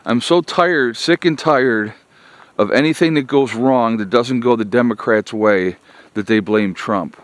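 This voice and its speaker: A political commentary vlogger with a medium-pitched voice rants bluntly to his viewers at a measured pace. Exasperated, he repeats his points and keeps calling his audience "folks."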